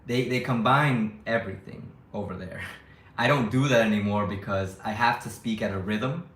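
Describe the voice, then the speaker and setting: A man who teaches English, chatting casually on a livestream, saying words clearly with occasional fast bursts. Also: on the low side, a bit bright, roomy sound.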